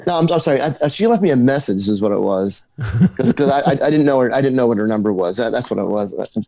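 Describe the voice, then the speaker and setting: Animated man telling stories, dry sound. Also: medium pitch, fast, no echo. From New Jersey. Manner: animated storyteller, repeats words when excited. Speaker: guest musician. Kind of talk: casual storytelling interview.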